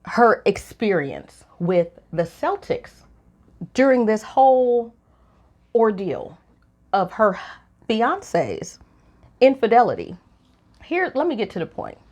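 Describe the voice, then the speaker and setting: A woman co-hosting a relationship podcast, talking in a lively, opinionated way, her voice jumping up high when she is incredulous. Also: slow, long pauses. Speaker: podcast co-host. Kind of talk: casual opinion chat.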